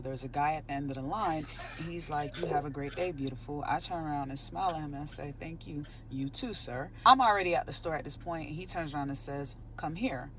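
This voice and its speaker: A woman's voice: deep voice, rough recording. Sassy woman telling a story in her car. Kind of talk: casual storytelling car video.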